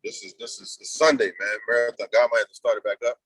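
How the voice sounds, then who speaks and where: A man's voice: medium pitch, quick pace, a bit bright, slightly rough, dry recording, poor audio. A man hosting a casual livestream, rambling loosely and talking to his chat and to himself. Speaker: livestream host.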